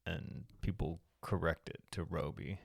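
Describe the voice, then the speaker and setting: A man's voice: low voice, moderate pace, creaky, no room sound. A man co-hosting a movie podcast in casual chat, dry and probing. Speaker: podcast co-host.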